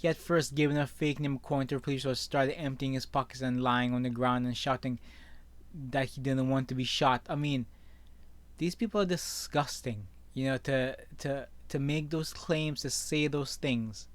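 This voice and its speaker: Reading the news aloud and weighing in, this man comes across as opinionated, often ending lines with "okay?". He speaks at a moderate pace in a mid-range voice with fairly even intonation, as an online commentator.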